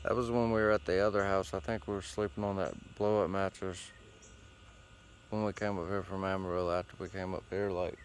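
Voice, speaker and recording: A man's voice: sits low, little pitch movement, a little fast, a little hiss or hum. A man hosting a show, rambling casually outdoors while sitting against a tree, with loose, profane, meandering talk full of fillers. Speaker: host.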